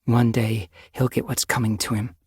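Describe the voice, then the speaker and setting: A hopeful, practical young she-cat apprentice speaks in a bright, encouraging way, as a male narrator plays her. Her voice sits well above the reader's own, with a slightly husky grain. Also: mid-range voice, level tone, moderate pace, no echo, clean studio sound, pitched above the performer's own voice.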